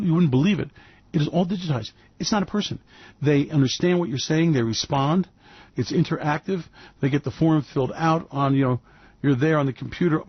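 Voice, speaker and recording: A man's voice: fairly high pitch, breathy edge, no echo, highs cut off. A man hosting a radio show, talking in a rambling, emphatic monologue full of fillers and restarts. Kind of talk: opinionated monologue.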